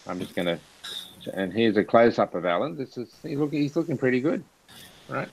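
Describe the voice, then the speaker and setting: A man hosting a live online chat, heard through a video call. He talks casually and spins stories with frequent laughs. His voice sits at a middling pitch. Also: very animated, fairly quick, creaky, a little mellow, slightly rough, poor audio. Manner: chatty, laughs through anecdotes.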